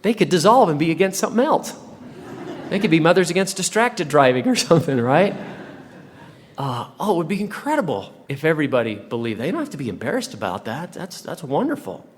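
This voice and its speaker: A man's voice: on the high side, big pitch swings, a little hiss or hum. A man giving a humorous devotional talk to young people, full of rhetorical questions and playful asides. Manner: joking asides, rhetorical questions, dramatic pauses. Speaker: church speaker. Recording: live talk in a large hall with long reverb.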